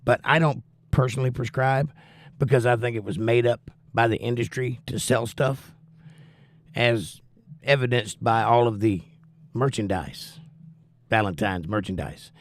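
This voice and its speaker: Man, gravelly voice, dry close sound, wry teasing host chatting with viewers, short of breath from flu. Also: medium pitch, unhurried, dry recording. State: out of breath, recovering from flu with coughs. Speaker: livestream host reading chat. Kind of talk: casual chat.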